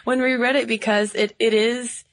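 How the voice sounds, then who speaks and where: A woman's voice: a little high, flat delivery, moderate pace, no room sound, clean studio sound. A woman from the American South co-hosting a podcast in casual chat, laughing often. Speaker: podcast co-host.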